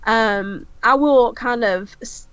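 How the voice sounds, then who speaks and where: A woman's voice: on the high side, fairly bright tone. A woman with a Southern US accent, a psychic medium speaking bluntly on a video call with dull lo-fi audio. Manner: blunt, salty, slow storyteller. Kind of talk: casual group chat.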